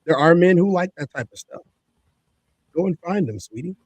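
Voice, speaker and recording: A man co-hosting a talk show, talking in an emphatic, sermon-like way that hammers each point home through repetition. His voice sits a bit high for a man. It sounds dry and close, with no room around it. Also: lively intonation, moderate pace, slightly rough, no room sound. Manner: emphatic and preachy, repeats his points for effect. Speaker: podcast co-host. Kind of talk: opinionated talk-show commentary.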